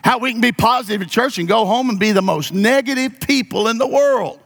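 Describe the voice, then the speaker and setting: A man's voice: very high-pitched, a little fast, gravelly, fairly bright tone. A pastor preaching a sermon, moving from folksy stories to emphatic calls to his congregation.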